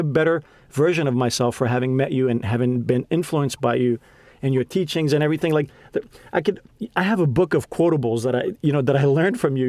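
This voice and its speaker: A man's voice: on the high side, a little mellow, no echo. A young man hosting a podcast, speaking with heartfelt emotion in a casual conversation and often restarting his sentences. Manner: heartfelt, halting with many restarts. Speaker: podcast host.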